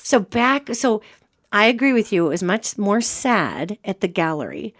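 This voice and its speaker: Animated woman host telling stories. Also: medium pitch, a little slow. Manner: animated storyteller, acts out quotes. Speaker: host and medium. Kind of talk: casual podcast chat.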